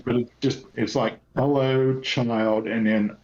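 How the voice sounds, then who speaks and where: A man's voice: mid-range voice, a little mellow, roomy sound, highs cut off. A man, a paranormal investigator, chatting as a podcast guest and telling investigation stories with many restarts. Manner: storytelling, rambling with restarts. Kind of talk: casual podcast chat.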